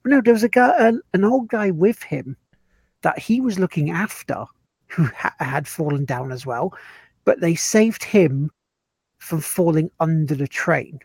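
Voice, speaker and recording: Guy co-hosting a stream, bit husky, dry close mic, rambles through a story. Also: a little high, lively intonation, unhurried, a little mellow, dry recording. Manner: rambling, laughs at own stories. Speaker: co-host. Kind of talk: casual chat, storytelling.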